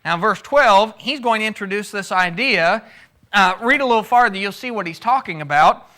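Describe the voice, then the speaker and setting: A man's voice: high voice, lively intonation, normal speed, sharp tone. A man teaching a Bible study in a conversational way, taking questions from the class and acting out the voices of the people he quotes. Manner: conversational, takes audience questions; acts out quoted speakers.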